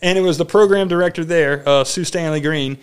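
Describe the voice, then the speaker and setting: A man from Florida, an athletic trainer guest, telling stories casually on a podcast, energetic and often repeating words as he talks. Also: a little high, a little fast, clear, resonant tone.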